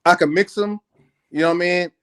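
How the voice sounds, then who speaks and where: Producer guest, slightly high voice, easygoing storyteller, keeps saying man. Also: brisk, clear, resonant tone. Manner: laid-back, says "man" constantly, animated retelling. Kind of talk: casual storytelling interview.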